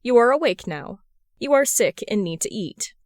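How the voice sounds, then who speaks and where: A woman's voice: on the high side, animated, moderate pace, no echo, clean studio sound, close to an everyday voice. A woman voicing a formal, insistent boy who speaks firmly and precisely. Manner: formal, firm, clipped.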